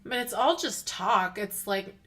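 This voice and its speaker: A woman's voice: mid-range voice, measured pace, fairly bright tone. A woman streamer giving casual political commentary, rambling with lots of "like" fillers and feeling car sick.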